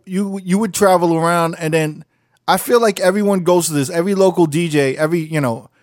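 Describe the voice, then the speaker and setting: Male podcast host, casual swearing storyteller, a little high, dry sound. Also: a little fast, no echo. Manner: loose and profane, laughing, telling stories. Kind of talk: casual chat.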